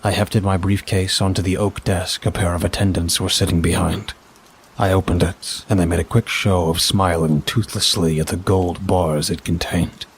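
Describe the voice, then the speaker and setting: Man narrating a story, very deep voice, husky tone, measured. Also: fairly even intonation. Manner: measured, first-person storytelling.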